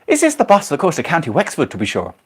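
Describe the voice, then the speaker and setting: A man doing a cheery traveller with a hammy, sing-song Irish accent, pitched far above his own voice and much louder. The delivery is broad and over the top. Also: huge pitch swings, quick pace, slightly rough, heavily acted. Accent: put-on Irish.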